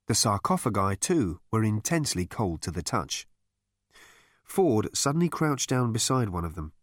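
A man's voice: lowish voice, big pitch swings, normal speed, no room sound. A man reading a comic novel aloud as narrator in a dry, wry storytelling manner. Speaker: audiobook narrator. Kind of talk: scripted narration.

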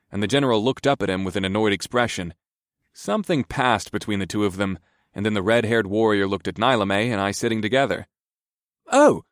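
Reading a fantasy audiobook written in the first person, a male narrator keeps his low-voiced storytelling steady and even. The recording is close and dry, free of room sound or echo.

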